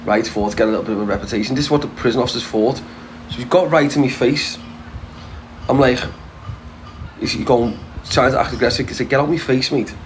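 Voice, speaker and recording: A man's voice: medium pitch, fairly quick, long pauses, rough recording. A man with a Liverpool accent telling a brash, boastful story, swearing freely and rambling with restarts. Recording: steady background noise.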